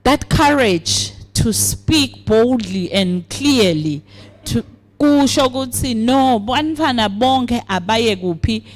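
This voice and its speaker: A woman with a Swazi accent giving a formal speech at a program launch, deliberate and pausing often. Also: on the high side. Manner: deliberate, with frequent hesitations. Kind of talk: formal speech mixing English and siSwati.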